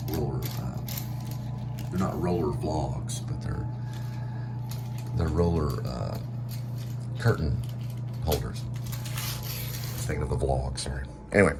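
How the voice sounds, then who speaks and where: A man from Texas chatting casually at home for his vlog, rambling with lots of fillers and corny jokes. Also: rumbling low. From Texas, USA. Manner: rambling, many fillers, jokey. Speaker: vlogger. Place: at home indoors. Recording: steady background noise.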